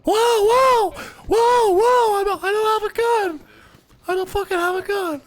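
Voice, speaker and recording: A man putting on a strained falsetto woman's voice in game voice chat, claiming to be losing his voice. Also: steady tone, measured pace, a little hiss or hum. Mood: panicked. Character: fake falsetto lady, jittery and pleading. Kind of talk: voice-chat role-play in a game.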